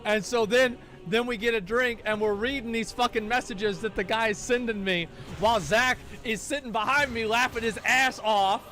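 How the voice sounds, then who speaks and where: High-voiced man telling a profane gaming story. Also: moderate pace, hardly any pauses. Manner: profane, animated, acts out the people he quotes. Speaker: gaming streamer. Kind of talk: casual storytelling.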